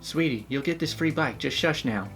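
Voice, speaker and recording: A man's voice: fairly high pitch, sing-song, fairly quick, sharp tone, faint music behind, voice pushed up, heavily acted. A man voicing a pushy, entitled middle-aged mother in a whiny, insistent raised voice. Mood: coaxing.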